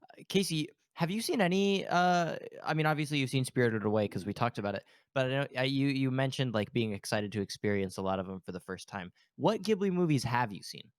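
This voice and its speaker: A man's voice: medium pitch, animated, a little fast, smooth, no room sound, studio quality. A young man co-hosting a casual podcast, joking and rambling with restarts. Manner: joking, rambling, self-interrupting. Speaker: podcast co-host.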